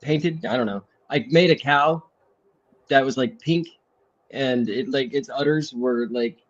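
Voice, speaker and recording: A man's voice: mid-range voice, measured pace. A man chatting on a podcast, rambling and correcting himself as he talks about his art. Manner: rambling, self-interrupting. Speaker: podcast co-host and artist. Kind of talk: casual podcast chat. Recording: dull lo-fi sound.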